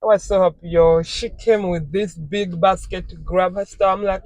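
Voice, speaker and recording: Slow-talking excitable delivery driver vlogger. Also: mid-range voice, no room sound. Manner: excitable, repeats phrases, keeps saying "you guys". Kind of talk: casual vlog talking to viewers.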